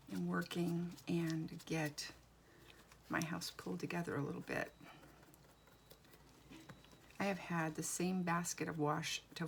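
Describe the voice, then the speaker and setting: A woman's voice: fairly low pitch, gravelly, a little hiss or hum. A woman doll artist chatting casually and wryly as she works in her home studio, rambling from one thought to the next. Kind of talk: casual chat while working.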